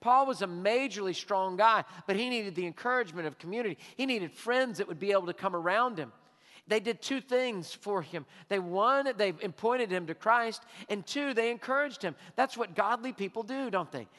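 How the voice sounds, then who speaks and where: A man preaching a sermon as pastor, emphatic and drawing out his words with pauses. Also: high voice, a bit bright. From Texas. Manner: emphatic, with long drawn-out pauses. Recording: hall reverb.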